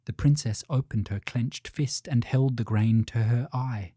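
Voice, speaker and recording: Brief: unhurried male narrator for a bedtime story, mellow tone, dry close sound. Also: mid-range voice, no room sound.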